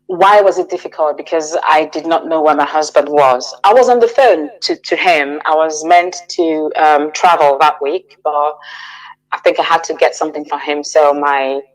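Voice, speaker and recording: A middle-aged woman with a deep voice appears as a guest on a radio interview, giving a measured, hesitant personal account full of restarts and fillers. The recording is rough.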